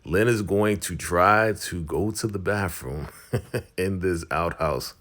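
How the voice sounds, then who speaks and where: A man retelling a TV episode in a casual vlog, with animated, slangy storytelling. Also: low voice, slow pace. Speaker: show recap host. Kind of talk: casual show recap vlog.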